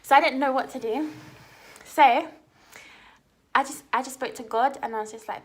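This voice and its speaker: A woman's voice: sits high, moderate pace, long pauses, breathy edge. A young woman telling a personal story to camera in a chatty way, often asking her viewers "okay?". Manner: chatty, frequent "like" and "okay?" check-ins. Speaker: vlogger.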